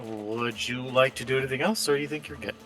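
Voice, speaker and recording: Bright-voiced man running a tabletop game. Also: mid-range voice, quick pace, faint music behind. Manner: wry, amused narration with filler words. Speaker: game master. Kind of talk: narrating a tabletop game, casual.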